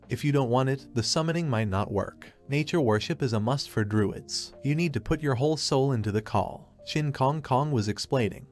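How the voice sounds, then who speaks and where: A man narrating an anime story recap, reading every character's lines in the same even voice. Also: medium pitch, normal speed, few pauses, faint music behind. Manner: reads all characters' lines in one even voice. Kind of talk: scripted narration.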